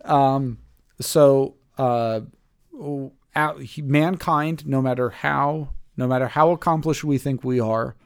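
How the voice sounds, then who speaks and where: A man's voice: mid-range voice, slow pace, clean tone, dry recording, clean studio sound. A man hosting a casual Bible study podcast, reading scripture and then talking it through, thinking aloud with fillers and restarts. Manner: thoughtful, with many fillers and restarts. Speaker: podcast host.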